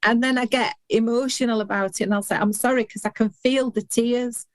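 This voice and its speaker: A woman's voice: on the high side, steady tone, brisk, no room sound. A middle-aged woman speaking as a podcast guest, earnest and heartfelt, often restarting words as she talks. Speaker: guest, intuitive healer and hypnotherapist. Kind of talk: candid podcast conversation.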